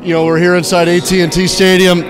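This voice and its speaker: A man hosting an interview inside a stadium, wrapping up in a friendly, brisk way. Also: high-pitched, monotone. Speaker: show host, interviewer. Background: clear music.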